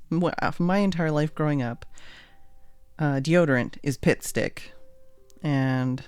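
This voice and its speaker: A woman's voice: sits low, darkish tone, no echo. Chatty rambling woman livestreamer. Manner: rambling, chatty, laughs often. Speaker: livestream host. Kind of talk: casual chat while making art on stream.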